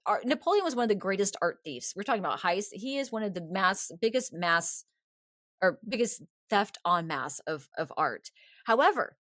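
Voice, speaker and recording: A woman podcast host telling a history story in a casual, animated way, often acting out the people she describes. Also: medium pitch, dry recording, studio quality.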